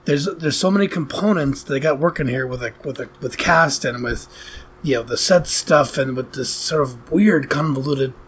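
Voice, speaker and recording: A man's voice: on the high side, moderate pace, fairly bright tone, slight background noise. A man co-hosting a podcast in casual chat, rambling incredulously about a movie. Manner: rambling, incredulous, laughing asides. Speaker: podcast co-host reviewing a movie.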